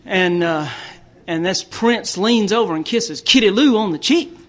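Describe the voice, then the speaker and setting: A man's voice: high voice, expressive, a little slow, a bit bright. A man from Tennessee with a Southern US accent, giving a folksy recovery talk at a conference and telling jokes with frequent stammered restarts. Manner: folksy storytelling with joke punchlines. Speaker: AA speaker.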